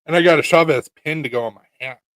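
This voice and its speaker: A man's voice: fairly high pitch, fast, fairly bright tone, no echo. Laid-back man telling stories, dry sound. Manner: laid-back storytelling, swears casually. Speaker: podcast co-host, knife maker. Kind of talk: casual chat.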